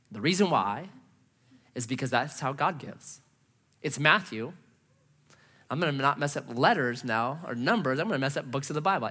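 On a church stage, a middle-aged male pastor delivers a sermon full of personal stories, poking fun at himself. His rather high, bright voice leaps up and down in pitch as he acts out how he reacted.

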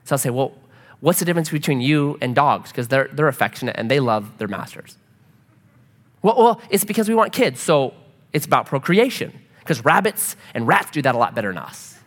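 A man preaching a sermon as pastor, animated and acting out quoted voices. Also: mid-range voice, brisk, big-room sound. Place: church sanctuary.

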